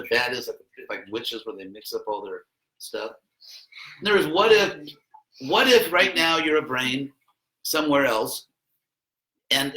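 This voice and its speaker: A man's voice: a little high, sharp tone, echoey room, rough recording. A man giving an informal philosophy lesson to a class of students, joking in asides and raising his voice when he acts out quotes. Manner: conversational, jokey asides, acts out quotes with a raised voice. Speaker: teacher.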